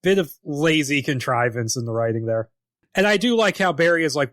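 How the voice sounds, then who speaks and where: A man's voice: on the high side, lively intonation, brisk, fairly bright tone, dry recording, studio quality. A man co-hosting a podcast in casual chat, wry and laughing easily as he retells scenes, with some swearing. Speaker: podcast co-host.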